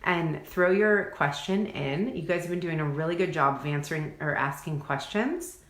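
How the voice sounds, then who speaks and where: A woman's voice: sits low, normal speed, reverberant. A woman, coaching viewers during a live stream. She reads their comments aloud and answers in an effusive, chatty way, swearing casually. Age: 40s.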